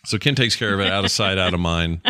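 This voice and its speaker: A man's voice: sits low, fast talker, sharp tone, clean tone, dry recording. A man from Utah co-hosting a podcast, chatting in a rambling, joking, self-deprecating way. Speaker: podcast co-host. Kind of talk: casual chat.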